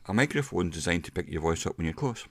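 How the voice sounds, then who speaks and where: A middle-aged man giving a casual pronunciation lesson, explaining step by step and slowing down to demonstrate sounds. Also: deep voice, expressive, a bit bright, husky, no room sound. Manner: unhurried, explains step by step with slowed demonstration words. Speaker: English pronunciation teacher.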